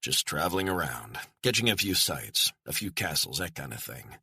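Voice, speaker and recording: A man's voice: rumbling low, big pitch swings, moderate pace, gravelly, sharp tone, breathy edge, no room sound, clean studio sound, full character voice. A man voicing a guarded American operative who answers in short, clipped replies.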